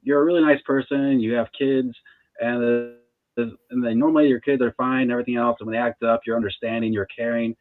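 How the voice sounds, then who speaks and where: A man's voice: medium pitch, steady tone, quick pace, faint music behind. A man in his thirties, a tarot reader, talking in a laid-back, casual way and laughing between thoughts. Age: 30s. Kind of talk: casual interview chat. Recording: tinny phone-like line.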